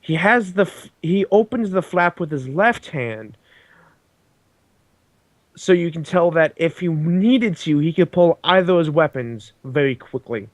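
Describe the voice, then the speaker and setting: A man with a fairly high voice narrates as game master of a tabletop role-play game. He talks haltingly, with many ums and restarts, on a dry, close microphone. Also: lively intonation, no room sound.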